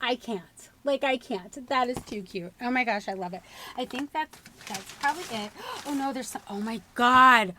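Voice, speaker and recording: A woman's voice: on the high side, normal speed, slight background noise. A woman, gushing and gasping as she unboxes gifts in her vlog. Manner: gushing, gasping, squealing with excitement. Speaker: vlogger.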